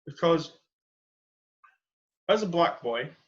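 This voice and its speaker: A young Edinburgh podcaster takes his time in an expressive, slightly high voice, though the recording is muffled. Passionate and earnest, he keeps emphasizing and returning to his key points in a conversational monologue.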